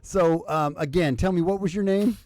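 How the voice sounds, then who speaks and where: Slightly drunk, a man hosts a live call-in stream full of casual drinking banter, rambling, swearing, and repeatedly passing the caller's words along to his co-hosts. His voice is high and somewhat dark, at a moderate pace, in a dry recording.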